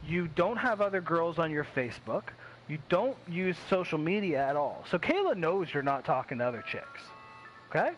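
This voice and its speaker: A man with a fairly high voice talks bluntly and at length while streaming games, swearing freely and leaning on fillers. A faint hiss sits under his voice. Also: big pitch swings, moderate pace, muffled recording. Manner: blunt, profane, emphatic, heavy with fillers. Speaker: gaming streamer. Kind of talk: casual chat.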